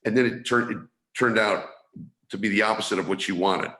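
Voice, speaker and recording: In a roomy video call recording with a little hiss or hum, an energy awareness trainer from San Francisco, USA, earnestly explains his training as a guest, often restarting phrases. He talks fairly quickly in a lowish, bright, forceful voice with fairly even intonation.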